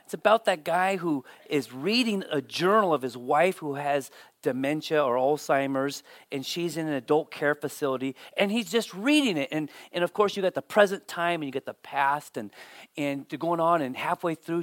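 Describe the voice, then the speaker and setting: A man giving a sermon as pastor, telling stories with lively swings and dropping almost to a whisper for emphasis, often repeating words as he starts a sentence. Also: fairly high pitch, moderate pace, no room sound. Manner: animated storytelling, drops to near whisper for emphasis.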